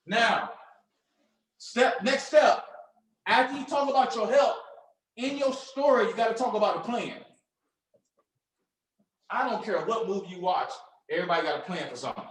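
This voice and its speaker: A man coaching an audience on social media and trading, energetic and preachy, with slang and call-and-response questions. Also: sits high, moderate pace, long pauses, echoey room, poor audio. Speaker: trading mentor. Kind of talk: motivational coaching talk.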